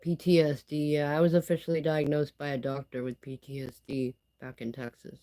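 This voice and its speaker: A woman's voice: sits low, little pitch movement, fairly quick, mellow, rough recording. A woman talking candidly in a casual personal vlog, rambling and filling her speech with "you know" and "like.". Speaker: vlogger.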